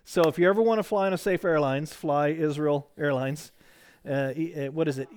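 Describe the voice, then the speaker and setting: Middle-aged male Bible teacher, slightly high, smooth resonant voice, loose rambling delivery with jokes and fillers. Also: steady tone, brisk, a little mellow. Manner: chatty, rambling, joking, many fillers and restarts. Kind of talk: casual teaching to a small group. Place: church classroom.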